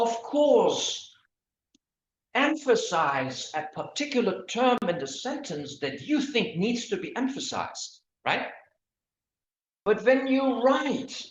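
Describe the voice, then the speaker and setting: A lecturer giving an online class on academic writing, often stopping to restart words and asking the listeners questions. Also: medium pitch. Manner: hesitant, many restarts and repeated words; asks the audience questions. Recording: echoey, dull lo-fi room sound.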